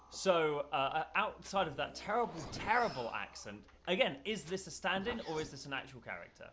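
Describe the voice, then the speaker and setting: A chatty man from the UK talks through game cards in a casual podcast, peppering his speech with "uh." His voice moves up and down a lot. There is clear noise behind him. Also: a little high, wildly swooping pitch, moderate pace. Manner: chatty, filler-heavy, asks questions. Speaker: podcast co-host. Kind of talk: casual card review chat.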